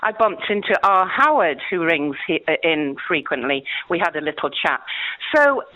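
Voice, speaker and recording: A woman's voice: sits low, big pitch swings, moderate pace, bright, forceful tone. An older woman calling a radio phone-in, chatty, a little nervous and indignant. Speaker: caller. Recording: tinny phone line.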